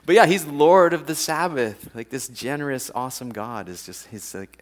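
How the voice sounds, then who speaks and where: Animated man preaching a casual sermon. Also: moderate pace. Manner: chatty, laughs often, acts out quotes with big pitch jumps.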